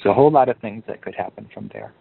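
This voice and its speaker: A man leading a group coaching call, talking in a calm, encouraging way and lifting his pitch to stress a point. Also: rapid-fire, vocal fry, breathy edge. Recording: narrow phone-like line.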